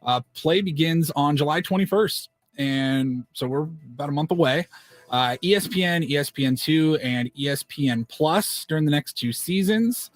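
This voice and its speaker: Relaxed man hosting sports radio. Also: fairly high pitch, normal speed, no echo. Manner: relaxed, reads news items with fillers. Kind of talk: casual sports radio chat.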